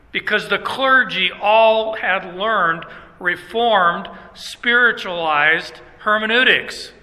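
A Bible teacher from Germany speaks with a high, piercing, very bright voice. He grows emphatic as he makes his points. A long reverb trails behind his words. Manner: emphatic, animated storyteller. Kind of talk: speaking on theology.

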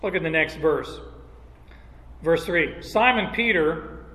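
A male pastor preaches in an unhurried, conversational way, dropping in folksy asides. His voice sits a bit high and rings bright, and a long reverb trails each phrase as if in a big church hall. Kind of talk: expository sermon.

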